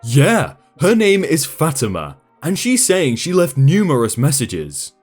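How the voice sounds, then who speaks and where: A man's voice: on the high side, wildly swooping pitch, unhurried, slightly rough, faint music behind, heavily acted. A man reading an irritated, demanding office boss. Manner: accusing, demanding.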